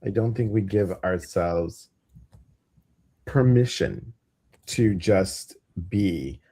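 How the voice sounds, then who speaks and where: A man's voice: low-pitched, lively intonation, extremely slow, warm tone, slightly rough. A middle-aged man hosting a live stream, chatting casually and jokingly and greeting viewers by name. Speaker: host.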